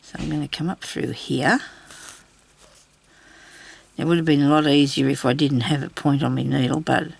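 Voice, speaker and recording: A woman's voice: low voice, steady tone, moderate pace, creaky, pauses often, breathy edge, dry recording. A woman with an Australian accent giving a casual craft tutorial at her craft table. She rambles and mutters to herself while she works. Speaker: craft video host.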